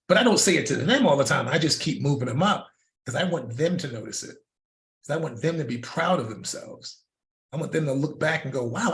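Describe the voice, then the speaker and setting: An older man, a fitness coach, giving a casual lesson and telling stories in a lively way, with laughs and repeated words. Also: medium pitch, vocal fry. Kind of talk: casual instructional talk. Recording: roomy echo.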